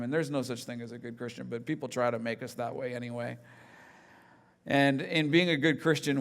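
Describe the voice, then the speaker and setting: Speaking with vocal fry at a medium pitch, a middle-aged pastor gives a sermon that feels like a conversation, full of comic personal stories where he's the butt of the joke. The church sanctuary's large hall lends long reverb.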